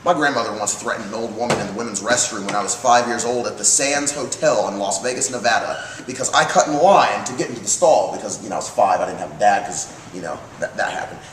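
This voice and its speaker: A man's voice: fairly low pitch, quick pace, hardly any pauses. A man co-hosting a casual comedy chat show, brash and profane, rambling through stories. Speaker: co-host. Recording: roomy, distant mic, light hiss.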